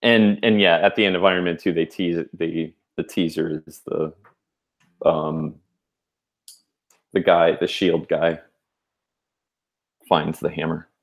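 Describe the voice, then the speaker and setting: Deep-voiced man rambling in casual chat. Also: little pitch movement, unhurried, gravelly, pauses often. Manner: rambling, many fillers and restarts. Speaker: podcast co-host.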